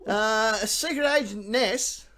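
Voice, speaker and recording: A man's voice: high-pitched, takes it slowly, sharp tone. A man with an Australian accent hosting a live quiz show, joking, laughing often and swearing freely. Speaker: quiz host. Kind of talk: casual live quiz banter.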